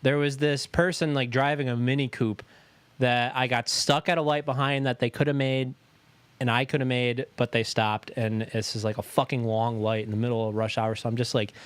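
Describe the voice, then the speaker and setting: A man co-hosting a podcast in casual chat, joking and swearing in quick banter. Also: mid-range voice, level tone, clean tone, no room sound. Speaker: podcast co-host.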